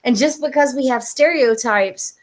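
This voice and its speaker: A woman's voice: high voice, normal speed. A woman co-hosting a casual podcast, teasing and stumbling over her words.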